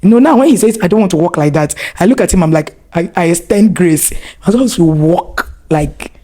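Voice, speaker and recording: A woman in her forties with a Nigerian accent, telling a lively, laughing story as a podcast guest. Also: fairly low pitch, fairly quick. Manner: animated, laughing, acts out voices in her story. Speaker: guest, wife telling how the couple met.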